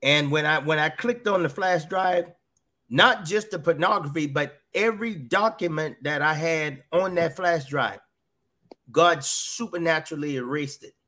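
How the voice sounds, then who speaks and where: A man's voice: fairly high pitch, a little slow, sharp tone. A middle-aged man earnestly telling a personal faith testimony, often repeating his words as he goes. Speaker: guest sharing a faith testimony.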